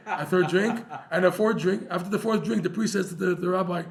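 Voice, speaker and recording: A man giving a lively Torah class to a live audience, joking and using Hebrew terms. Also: high-pitched, quick pace, gravelly. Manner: animated, jokey, uses Hebrew terms. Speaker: Torah teacher.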